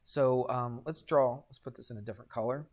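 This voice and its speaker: A man's voice: medium pitch, steady tone, fairly quick, darkish tone. Man teaching a geometry class. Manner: asks the class questions and answers them himself; jokey asides. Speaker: high school math teacher. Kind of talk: classroom lecture.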